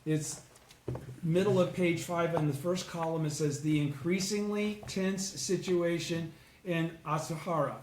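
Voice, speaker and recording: A man leading a casual group study session, explaining a text and checking understanding with "okay?" and "right?". He sounds congested and keeps clearing his throat. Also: fairly high pitch, fairly even intonation, unhurried, darkish tone, echoey room, slight background noise.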